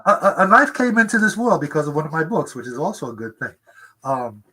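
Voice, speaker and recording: Husky seventy-year-old man telling stories. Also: big pitch swings, fast talker, sharp tone, low-quality recording. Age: 70s. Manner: earnest storyteller, acts out quotes in a high voice. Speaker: author guest. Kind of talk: conversational interview. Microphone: remote interview mic.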